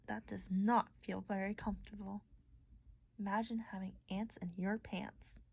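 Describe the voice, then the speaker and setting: A young woman, an education student, reading a picture book aloud in an expressive storytelling way with marvelling asides. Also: mid-range voice, moderate pace, vocal fry, slightly rough, dry recording.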